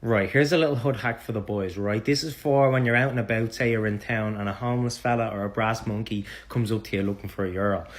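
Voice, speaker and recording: A man's voice: fairly low pitch, fairly even intonation, fast, few pauses. A young Irish man giving laid-back, mock-serious comic advice, swearing casually. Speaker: comedy sketch creator. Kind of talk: deadpan comic monologue.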